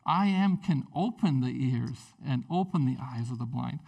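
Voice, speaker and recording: Gravelly-voiced male pastor, preaching casually. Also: medium pitch, normal speed, distant mic. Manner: conversational, animated, frequent "you know" and restarts. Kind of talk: sermon.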